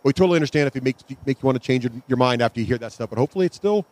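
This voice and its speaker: A man's voice: medium pitch, lively intonation, very fast, darkish tone, dry recording. A man co-hosting a live podcast at a convention, speaking in an upbeat, enthusiastic way. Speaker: podcast co-host.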